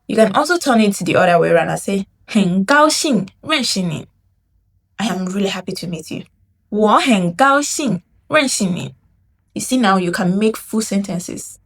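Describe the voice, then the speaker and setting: A woman teaching a Mandarin lesson in English, saying phrases slowly and drawing them out for learners to repeat. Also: medium pitch, animated, slightly rough. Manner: slow, drawn-out model phrases for learners to repeat; explains in English, demonstrates in Mandarin. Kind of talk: language lesson with repetition drills.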